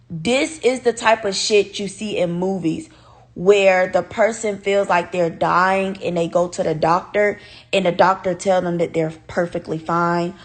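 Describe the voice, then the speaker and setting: A young woman speaking tells a personal story on a livestream. She talks straight to her viewers in a casual, animated way, swearing freely. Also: lowish voice.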